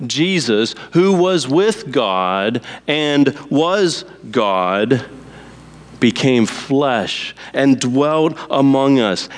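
A man who is a pastor, preaching a sermon in a slow, deliberate way with emphatic pauses. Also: medium pitch.

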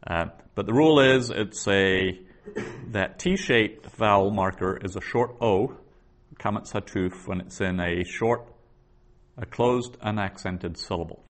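A man with a very deep voice teaches a grammar lesson at an unhurried pace. He explains patiently and methodically, stopping to restart his sentences as he works through each point. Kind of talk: biblical Hebrew lesson.

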